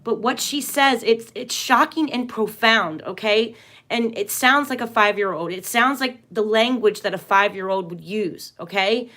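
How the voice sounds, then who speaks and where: A woman's voice: a little high, a little slow, sharp tone. A woman hosting a tarot and astrology livestream, talking casually in an earnest, emphatic way, rambling and restarting her sentences often.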